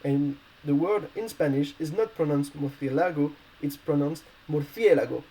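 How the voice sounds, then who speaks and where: A man walks learners through a grammar lesson in English, which is not his first language. His voice sits a little high but sounds mellow and soft-edged. He talks haltingly, with frequent fillers and self-corrections. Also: poor audio. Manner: hesitant, many fillers and restarts. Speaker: language teacher.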